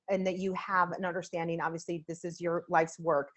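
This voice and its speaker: A woman's voice: fairly low pitch, little pitch movement, fairly quick, few pauses, a bit bright. A woman hosting a webinar interview, effusive and upbeat as she introduces and praises her guest. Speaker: webinar host.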